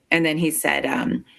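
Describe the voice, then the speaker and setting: Interview guest: woman, deep voice with vocal fry, halting, emotional, filler-heavy storytelling. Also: sharp tone.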